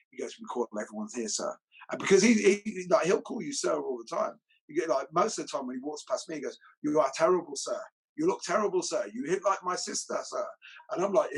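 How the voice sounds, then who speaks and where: Husky animated martial arts instructor. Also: male voice, a little high, low-quality recording. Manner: animated storyteller, acts out quotes. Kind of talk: casual chat.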